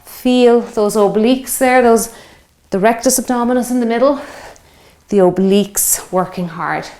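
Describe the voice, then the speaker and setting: With a slightly high, slightly mellow voice and a measured pace, a female fitness instructor in her fifties talks people through a workout. She's chatty and supportive, calling out rep counts while breathless from exercising with them.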